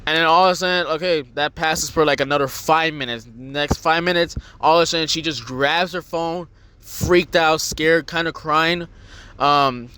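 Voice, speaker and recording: Speaking at a moderate pace, this young man has a fairly high pitch, fairly even intonation, and a pushed, bright, clean tone. As a podcast host, he rambles through a long casual story, swearing frequently and doing voices for the characters.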